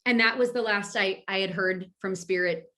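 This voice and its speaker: A bright, clear-toned middle-aged woman from Philadelphia chats as a guest on a remote interview. She talks loosely, full of ums and restarts, and sits at an average pitch. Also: moderate pace. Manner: chatty, lots of fillers and restarts. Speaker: guest medium and intuitive. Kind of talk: casual interview answers.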